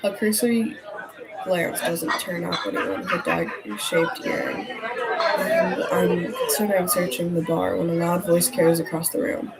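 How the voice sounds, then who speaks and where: A woman streamer reading a story game aloud, breaking off into animated outbursts and jokes to her chat. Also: fairly low pitch, normal speed, poor audio. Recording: game music and crowd sounds behind the voice. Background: game music and tavern crowd noise.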